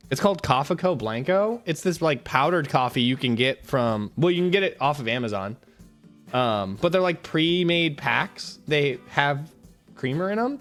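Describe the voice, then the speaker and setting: A man's voice: fairly high pitch, a bit bright. A young man streaming a game, chatting casually and joking with his chat, with frequent swearing.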